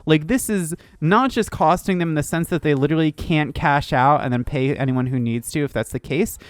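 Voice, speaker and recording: A woman's voice: low voice, brisk, no room sound. A woman hosting casual news commentary, rambling and swearing, with many filler "likes". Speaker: streamer news host.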